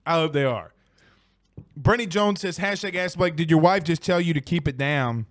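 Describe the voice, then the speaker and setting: A man's voice: fairly high pitch, moderate pace, no echo, studio quality. A young man hosting a casual sports podcast, exclaiming and swearing as he reads viewer comments. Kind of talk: casual live-stream chat.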